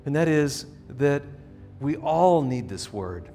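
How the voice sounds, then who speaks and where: A middle-aged male pastor delivers a sermon with a slightly raised pitch, talking to his congregation in an earnest, conversational way. He often restarts his sentences and circles back to his point, the way a preacher does when speaking without a script. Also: animated, slow, mellow, faint music behind. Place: church sanctuary.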